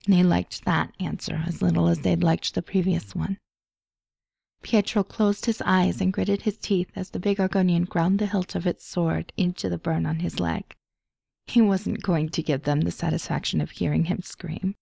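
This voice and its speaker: A woman reading a story aloud as an audiobook narrator, in a measured storytelling manner. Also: on the low side, fairly even intonation, creaky, dark tone, husky, no room sound, clean studio sound. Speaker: podfic reader.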